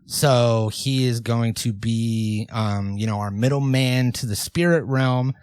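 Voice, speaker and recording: A male podcast co-host speaks in a mid-pitched voice with a deadpan, mock-serious manner. He pads his talk with ums and likes. The close mic sounds completely dry. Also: takes it slowly, clear, resonant tone, no echo. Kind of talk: casual comedic podcast chat.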